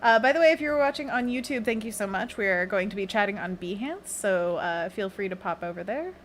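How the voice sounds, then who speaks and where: A woman's voice: mid-range voice, lively intonation, brisk, a little hiss or hum. A woman hosting an art livestream, chatting casually and giggling while she draws and answers her chat. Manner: bubbly, giggly, chatty, reads chat aloud. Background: faint background music.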